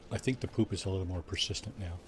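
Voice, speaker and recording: A man's voice: sits low, racing, a little hiss or hum. A man chatting casually while livestreaming a game, reading chat aloud and joking with his viewers. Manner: chatty, reads chat aloud, jokey asides. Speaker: streamer.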